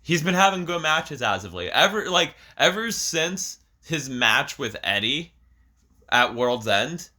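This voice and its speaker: Young man, podcast host, casual chat, laid-back, teasing, bright. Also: fairly high pitch, sing-song, measured pace. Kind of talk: casual chat about wrestling.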